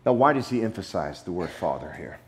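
A man preaching a sermon, emphatic, with dramatic pauses and repetition, sometimes playful. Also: low voice, sing-song. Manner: playful, acts out wrong versions for effect. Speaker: pastor.

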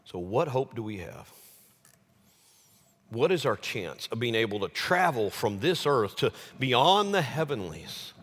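Animated preacher in a reverberant hall. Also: male voice, measured pace. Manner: dramatic swings from loud exclamation to hushed low delivery. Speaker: pastor. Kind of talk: sermon.

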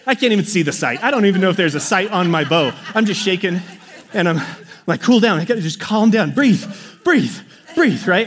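A man preaching to a congregation, telling a personal story in a casual, animated way. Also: on the high side. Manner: animated, acts out his story with quick inner quotes. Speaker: pastor. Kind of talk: sermon storytelling.

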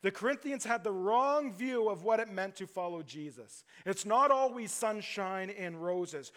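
A male pastor preaches with a fairly high voice, pressing his points with emphasis. He talks straight to his congregation and asks them rhetorical questions as he delivers his sermon. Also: animated, a little slow, a bit bright.

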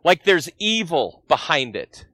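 A man's voice: a little high, big pitch swings, measured pace, bright, forceful tone, no room sound. A man in his forties, a guest pastor preaching a sermon, telling a story earnestly and asking the congregation rhetorical questions.

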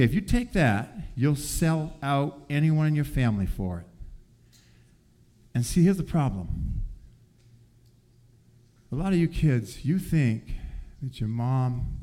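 A man who teaches, telling a faith testimony about his class with lively storytelling and acted quotes, often dropping soft and low.

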